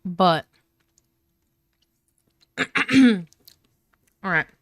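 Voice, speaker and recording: A woman streamer chats through a game in a loose, joking way and swears freely. Her voice is smooth and clear, and she talks at an unhurried pace. The sound is close and dry. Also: lowish voice, steady tone, a bit bright, no room sound. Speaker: streamer playing a visual novel. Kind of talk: casual gaming commentary.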